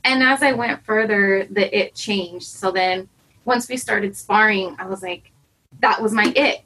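A woman's voice: mid-range voice, unhurried, pushed and bright, breathy edge, low-quality recording. A woman talking candidly in an interview as a karate student, anxious and rambling, often restarting and quoting her own worried thoughts. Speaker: karate student preparing for black belt.

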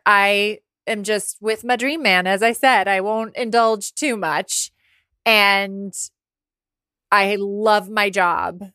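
A woman in her forties hosts a casual solo podcast from an apartment by the ocean, speaking candidly and swearing freely. Her medium-pitched voice is pushed and bright, clear and resonant, with a measured pace and fairly even intonation. The recording is studio quality with no room sound.

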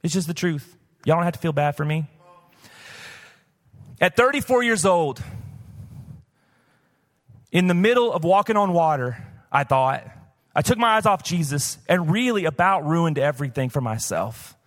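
A man's voice: fairly high pitch, expressive, moderate pace, pauses often. A man pastor preaching a sermon at a live church service, talking candidly and conversationally with casual asides. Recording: long church hall reverb.

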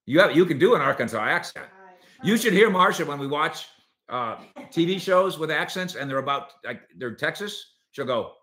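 Bright-voiced opinionated man hosting sports talk. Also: fairly high pitch, animated, moderate pace. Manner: opinionated, jokey, restarts and stumbles often. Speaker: sports talk show host.

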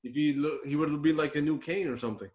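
A man's voice: on the high side, fairly even intonation, fast talker, a little mellow. A man in casual wrestling chat, blunt and swearing freely.

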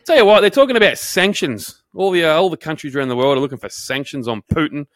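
A man's voice: fairly high pitch, expressive, fast, fairly bright tone, no echo. A young Australian man co-hosting a podcast, ranting in a profane, fired-up way and calling everyone mate. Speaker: podcast co-host. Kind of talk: casual comedic podcast rant.

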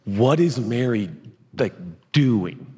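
A male pastor preaching a sermon in an animated, jokey, conversational way. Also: medium pitch, slow, husky. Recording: long echoey hall reverb.

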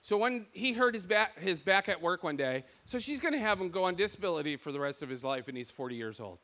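A man from Michigan with a Michigan accent, preaching a sermon in an animated storytelling way. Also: sits high, fast. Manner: animated storytelling, acts out quoted voices.

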